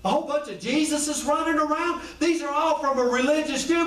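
A man's voice: very high-pitched, brisk, few pauses, fairly bright tone. A man preaching an informal sermon in a colloquial way, asking the congregation question after question. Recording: echoey room, voice from far off the mic.

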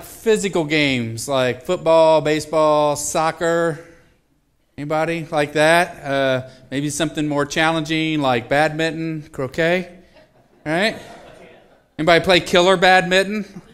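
A man's voice: on the high side, a bit bright. A middle-aged male pastor preaching a sermon in a loose, joking, conversational way, often asking the congregation questions. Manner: conversational, jokey, asks the audience questions. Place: church sanctuary.

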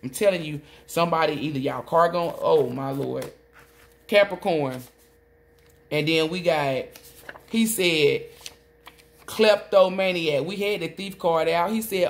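A woman giving a solo tarot reading, rambling excitedly and swearing as she relays messages she says come from a spirit. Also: low-pitched, unhurried, slight background noise. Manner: swoops between loud outbursts and muttering. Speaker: tarot reader.

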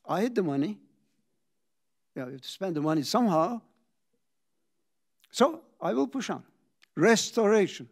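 An older man, a company founder, tells his story in a reflective talk, pausing for drama and acting out the conversations he recounts. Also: high voice, big pitch swings. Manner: dramatic pauses, acts out quoted dialogue.

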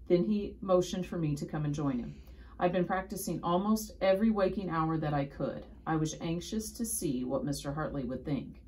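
A woman reading a children's storybook aloud in steady first-person narration. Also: deep voice, moderate pace, a little hiss or hum, rough recording.

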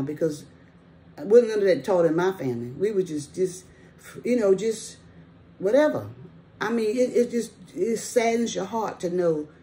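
Middle-aged church lady doing bible study, mellow voice, keeps saying okay? and praising as she goes. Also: mid-range voice. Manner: earnest, exclaims "thank you, Jesus" often; conversational, with frequent "okay?". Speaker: Bible teacher. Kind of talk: informal Bible study teaching.

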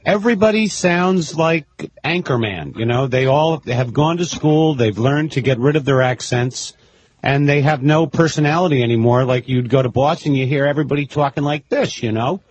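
A male co-host of a radio talk show with a medium-pitched voice. He talks in an easy, chatty way. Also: normal speed, husky, no echo, low-quality recording.

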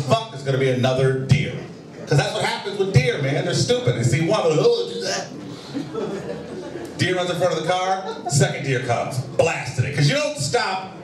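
A man doing a stand-up comedy set, telling a profane story with an exasperated edge and acting out bits of dialogue. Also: sits high. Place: bar comedy stage before a live audience. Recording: echoey room, distant mic, loud crowd laughter.

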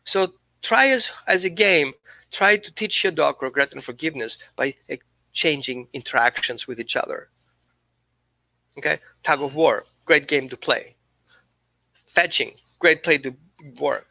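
A man's voice: a little high, unhurried, vocal fry, bright, forceful tone, no room sound, rough recording. A man teaching as a dog behaviorist, speaking earnestly and voicing what the dog thinks, with slightly non-native phrasing. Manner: non-native phrasing, searches for English terms. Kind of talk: informal training talk.

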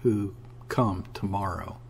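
A man's voice: deep voice, takes it slowly, vocal fry, breathy edge, full character voice. Man voicing a nervous young woman. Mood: anxious. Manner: nervous, pleading. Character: anxious young woman, timid and tender-hearted.

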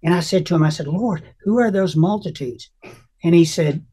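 A man's voice: a little high, moderate pace, dark tone, breathy edge. An older man, a guest in an interview, earnestly telling a personal faith testimony and acting out the lines he quotes. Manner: emotional, earnest storyteller who acts out quotes.

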